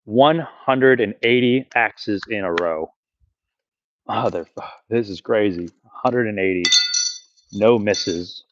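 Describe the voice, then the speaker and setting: A man's voice: fairly low pitch, slow pace, lo-fi sound, background noise. A man live-streaming his backyard axe throwing, counting his throws aloud, swearing and talking to his chat. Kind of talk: live-stream commentary while throwing axes. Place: backyard outdoors.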